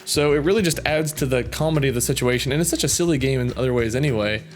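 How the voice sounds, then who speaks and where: A man reading viewer comments aloud in casual chat, goofy and prone to loud silly outbursts, with a slightly sore throat. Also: medium pitch, quick pace, faint music behind.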